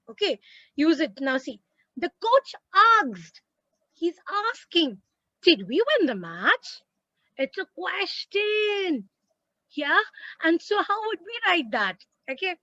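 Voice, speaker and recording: A woman with an Indian English accent teaches grammar in an emphatic, repetitive way and keeps checking that her students follow. Her voice is high and bright. The recording is dry and a little muffled. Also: no echo. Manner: emphatic, repeats and checks with "Clear?". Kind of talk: classroom grammar lesson.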